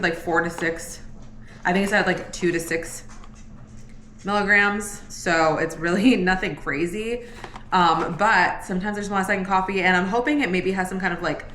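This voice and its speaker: A woman's voice: mid-range voice, pushed and bright, roomy sound, slight background noise. A young woman chatting casually in a home vlog, tired, talking loosely with lots of "like" fillers. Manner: chatty, says "like" often. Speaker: vlogger.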